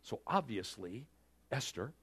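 Animated male preacher telling a story. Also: mid-range voice, unhurried, slight background noise. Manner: animated storytelling, direct address to listeners. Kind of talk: sermon.

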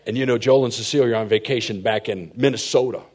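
A middle-aged man speaks at a quick pace in a mid-range voice while preaching as a pastor. His sermon is built on stories, and he moves from quiet asides to loud, emphatic moments.

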